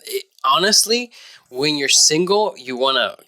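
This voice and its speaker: A man's voice: a little high, lively intonation, a little slow, pushed and bright. A laid-back man hosting a casual podcast chat, using slang like "dope" and "dude". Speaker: podcast host.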